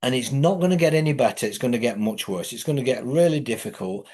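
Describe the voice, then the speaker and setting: A man's voice: medium pitch, lively intonation, fast, darkish tone, breathy edge. A middle-aged English man with an English accent, ranting in a profane monologue that often swells into emphatic outbursts. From England. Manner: swearing often, heated, rising into emphatic outbursts.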